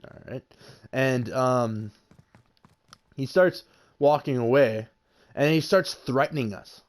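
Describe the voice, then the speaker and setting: A man's voice: mid-range voice, slow. A young man casually telling a story about a confrontation, swearing freely and raising his voice when he quotes people. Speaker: vlogger.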